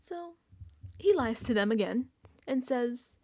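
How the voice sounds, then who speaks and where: A woman's voice: on the high side, lively intonation, slow pace, long pauses, dark tone, no room sound. A woman recapping a reality TV episode in a casual reaction vlog, sarcastic and exasperated, swearing freely.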